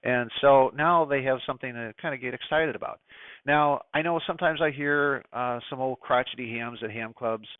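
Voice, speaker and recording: A man's voice: medium pitch, moderate pace, smooth, no room sound. Chatty middle-aged man on a tinny line. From United States. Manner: chatty, opinionated, many fillers and asides. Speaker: ham radio club presenter. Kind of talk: casual presentation talk. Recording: dry, phone-like narrow sound.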